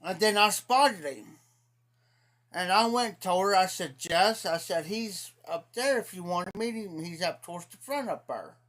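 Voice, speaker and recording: A man's voice: high-pitched, expressive, a bit bright. A man with an Ohio accent telling a rambling, indignant story in a casual livestream, repeating "I said" as he goes. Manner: drawling, slow-paced delivery.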